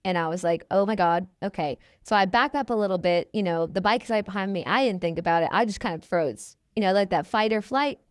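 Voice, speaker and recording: A woman's voice: mid-range voice, quick pace, hardly any pauses, clear, resonant tone, no echo, studio quality. A woman in her twenties, a podcast guest telling her story in a casual, chatty way and acting out the people she quotes. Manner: chatty, quotes people in their own voices.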